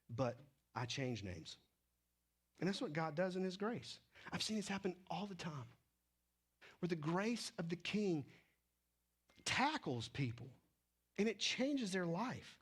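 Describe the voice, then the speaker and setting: Pastor guy preaching, kinda high voice, gets loud then drops real quiet. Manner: animated preaching, swings from loud to hushed. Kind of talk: sermon.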